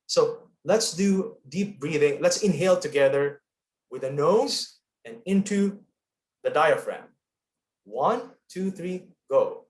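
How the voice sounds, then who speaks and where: A man with a Filipino accent and a trained broadcast voice leads an online public-speaking lesson, his fairly high, animated voice slow and roomy-sounding. He coaches steadily, checking in often with "okay?".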